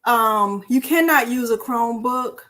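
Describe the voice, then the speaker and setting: A middle-aged woman, hosting a casual live-stream crafting tutorial and talking to viewers in a chatty, warm-hearted way. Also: on the high side, a little slow. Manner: chatty and emotional, addresses viewers as y'all.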